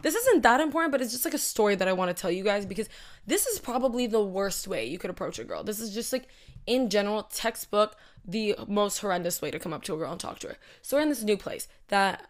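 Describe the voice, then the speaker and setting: A young woman casually telling a long story to her audience, rambling with lots of asides and filler words. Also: medium pitch. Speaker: host.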